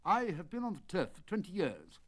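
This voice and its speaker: A man's voice: high-pitched, wildly swooping pitch, a little fast, a bit bright, pitched above the performer's own voice, exaggerated voice. Man voicing an indignant agitated colonel. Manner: agitated, raised indignant outbursts. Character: excitable indignant male horse-owning colonel. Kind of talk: dramatic audiobook reading.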